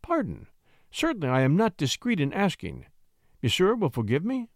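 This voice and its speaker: A man's voice: a little high, huge pitch swings, normal speed, gravelly, no room sound, studio quality, full character voice. A man voicing a young, beautiful and coquettish French lady who talks with charming flutters. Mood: fluttering.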